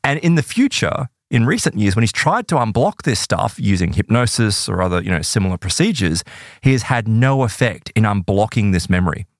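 A man telling an eerie true story in a casual podcast chat, animated and full of "right?" and "like". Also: on the low side, a little fast, no room sound, clean studio sound.

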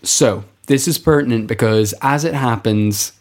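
A man casually telling a history story to a co-host on a podcast, relaxed and joking. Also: mid-range voice, a little slow, slight background noise. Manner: laid-back, laughs along, retells events with put-on quotes.

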